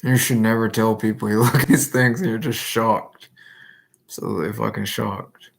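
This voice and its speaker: A man rambling to himself, swearing often, laughing and swinging between loud outbursts and low muttering. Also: steady tone, moderate pace, gravelly. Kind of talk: rambling solo talk. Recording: echoey room, mic far off.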